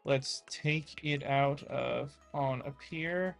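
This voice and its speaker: A young American coding vlogger mutters and thinks aloud as he writes code, chatting casually with viewers during a live session. His medium-pitched voice draws out words with vocal fry, over soft background music.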